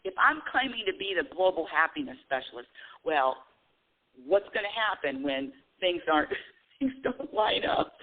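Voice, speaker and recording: A woman's voice: on the low side, moderate pace. A middle-aged woman hosting a spiritual call-in radio show, talking animatedly with frequent laughs and dramatic self-quotes. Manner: animated, laughing often, quoting herself dramatically. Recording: tinny phone line.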